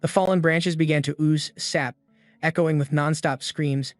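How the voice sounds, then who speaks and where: A man's voice: a little high, fairly even intonation, normal speed, no room sound. A man steadily reading a scripted story recap. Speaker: narrator. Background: faint background music.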